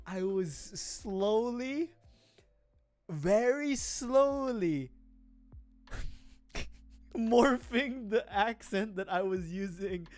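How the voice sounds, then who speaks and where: A woman's voice: medium pitch, drawn-out words, pauses often, a little mellow, no room sound, faint music behind. A woman streamer chatting casually on a livestream, rambling, with frequent laughing fits and restarts. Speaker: VTuber streamer. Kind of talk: casual livestream chat while building a model kit.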